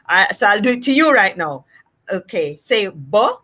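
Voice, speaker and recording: A woman speech-language pathologist explaining things patiently in a teacherly way, sometimes drawing out sounds slowly to demonstrate. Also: mid-range voice, animated, bright, forceful tone. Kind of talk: explanatory live chat.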